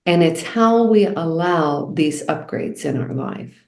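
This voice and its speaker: Low-pitched woman co-host, chatty storyteller, echoey room. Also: takes it slowly. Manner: storytelling, acts out quoted voices. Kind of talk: casual chat.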